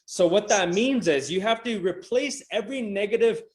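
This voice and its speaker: A middle-aged man speaks in a somewhat high register, pressing his points again and again in a motivational coaching session. He talks casually and swears freely. His voice comes through a video call microphone. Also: moderate pace, a little mellow. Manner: emphatic, repetitive, casual with swearing.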